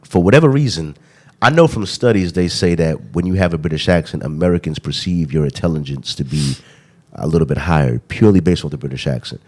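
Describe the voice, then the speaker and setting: A man's voice: rumbling low, fast talker, a little mellow. A young adult man hosting a podcast, talking in a slangy, rambling way and tagging lines with "you know what I mean". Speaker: podcast host. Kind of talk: casual podcast chat.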